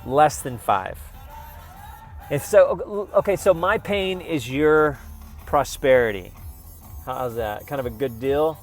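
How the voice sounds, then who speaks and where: A man's voice: medium pitch, expressive, takes it slowly, long pauses, faint music behind. Profane rambling man ranting. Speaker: vlogger. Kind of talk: casual rant to camera.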